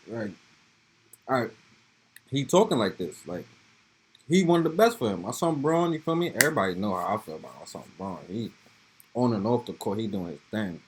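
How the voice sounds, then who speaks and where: A man's voice: medium pitch, slightly rough. A man from Brooklyn, casually riffing in slangy, rambling reaction commentary. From Brooklyn, New York. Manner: slangy, rambling, keeps tossing in "bro" and "you feel me". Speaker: reaction video host.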